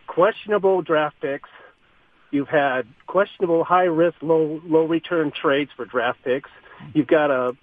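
A man's voice: fairly high pitch, no room sound. Ranting male caller on a phone line. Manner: rapid ranting argument. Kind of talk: sports radio call-in.

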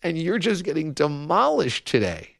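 A man hosting a sports talk radio show, reading listener tweets and an ad in a fast, mocking banter. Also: fairly high pitch, very animated, creaky, fairly bright tone.

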